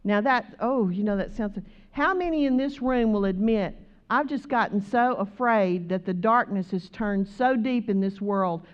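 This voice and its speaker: A woman preaching a sermon, moving from conversational talk to loud, rhythmic exhortation. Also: on the high side, muffled recording.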